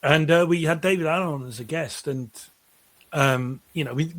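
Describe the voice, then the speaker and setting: A middle-aged musician telling animated, rambling anecdotes in a casual interview, restarting his sentences often. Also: a little high, moderate pace. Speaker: musician guest.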